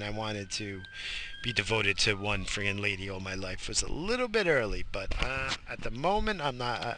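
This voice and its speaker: Bright-voiced, worn-out man rambling in his car. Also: fairly low pitch, a little hiss or hum. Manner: rambling, profane, jokey. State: exhausted, yawning. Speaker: vlogger. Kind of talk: casual rambling vlog while driving. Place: inside a car.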